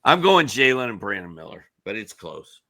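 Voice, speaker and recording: A man's voice: fairly low pitch, sing-song, moderate pace, vocal fry, bright, forceful tone. A man co-hosting a sports podcast in a casual chat, thinking aloud and weighing both sides. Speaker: co-host.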